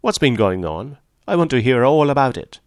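A man's voice: mid-range voice, very animated, moderate pace, dry recording, clean studio sound, voice pushed up, close to an everyday voice. A man reading a story aloud, voicing an arrogant, indignant wealthy husband in a raised, sneering voice. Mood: scornful.

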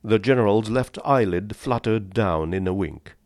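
A man narrating a short story in a measured, understated reading. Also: on the low side, a little mellow, no room sound, studio quality.

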